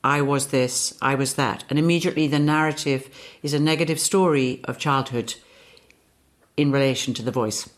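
A woman voice teacher giving a slow, deliberate, reflective workshop talk. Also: very deep voice, fairly even intonation.

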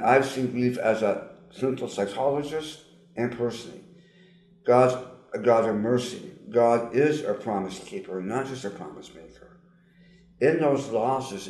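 An older man speaking earnestly as an interview guest, his words slightly altered from tongue surgery, with pauses and fillers. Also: mid-range voice, darkish tone, echoey room. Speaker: guest, psychologist. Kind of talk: personal testimony in an interview.

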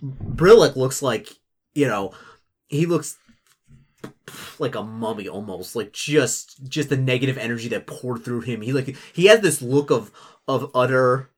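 A man's voice: medium pitch, a little slow, breathy edge. Rambling, laughing man running a tabletop game. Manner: rambling, lots of likes and restarts, laughs a lot. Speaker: game master.

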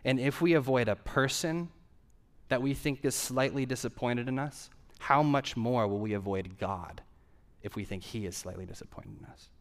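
A man's voice: mid-range voice, normal speed. A man preaching a sermon in a conversational way, asking the audience questions and repeating key phrases for emphasis.

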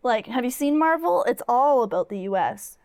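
Young woman rambling about a movie, lots of "like", smooth clear voice, dry close sound. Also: on the high side, expressive, moderate pace, a little mellow, no echo. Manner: rambling with many "like" fillers. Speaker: podcast co-host. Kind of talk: casual chat.

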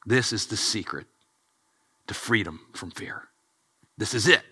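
A middle-aged pastor preaches a sermon in a very bright, forceful voice that sits on the low side, a little slow, with a breathy edge. He's animated, swinging from hushed intensity to excited bursts as he acts out the dialogue.

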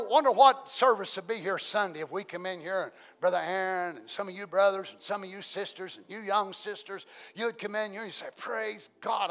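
A man preaching a sermon in a folksy way, asking the congregation many questions and swinging between loud exclamations and soft asides. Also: high-pitched.

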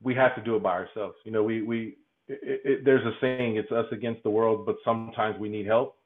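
Halting man on a tinny line. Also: on the low side, fairly even intonation. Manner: halting, repeats words, laughs often. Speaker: podcast guest. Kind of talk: candid conversational interview.

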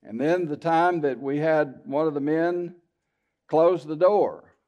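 A male pastor with a notably high voice, preaching in a folksy, storytelling manner. He keeps turning to the congregation with asides. The sound is dull and lo-fi, like an old church recording. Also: takes it slowly. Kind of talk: sermon. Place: church sanctuary.

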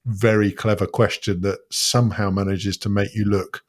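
A man's voice: fairly low pitch, flat delivery, normal speed. A man working as a coach, explaining his ideas in a thoughtful conversational way, often restarting his sentences. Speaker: guest coach.

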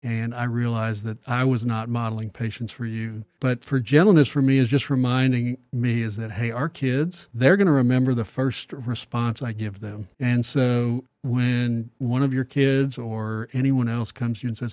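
A middle-aged man talking about faith in an earnest, reflective way, pausing to restart his sentences. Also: mid-range voice, fairly even intonation, a little mellow, no echo. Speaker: podcast guest. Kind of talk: casual Bible discussion.

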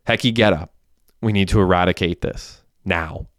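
A tense young accomplice, swearing and frantic, as a man reads him in an audiobook. The voice is low and smooth, with a close, dry sound. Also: normal speed, fairly bright tone, no echo. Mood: urgent. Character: anxious young man called Sarge, cleaning up a crime. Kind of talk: audiobook character voice.

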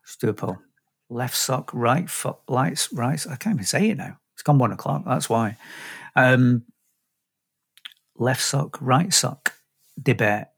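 Man, mid-pitched voice, easygoing podcast co-host, casual chat. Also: expressive, a little slow, creaky, long pauses, breathy edge. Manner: easygoing, leads the wrap-up.

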